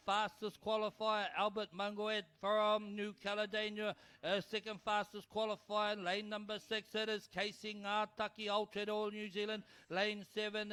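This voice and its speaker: A man calling a canoe race live as announcer, excitable and urging the crowd to cheer. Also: high voice, smooth. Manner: excitable, urges the crowd, tongue-tied at times. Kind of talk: live sports commentary. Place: outdoor regatta venue.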